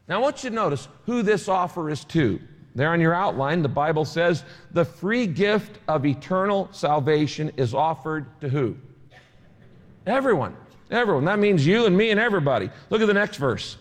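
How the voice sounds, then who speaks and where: A man preaching a sermon, emphatic, with dramatic pauses. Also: high-pitched, lively intonation, big-room sound. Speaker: pastor.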